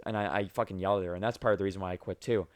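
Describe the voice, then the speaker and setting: A young man hosting a podcast, telling work stories in a casual, profane, animated way. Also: deep voice, very fast, no room sound. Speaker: podcast host.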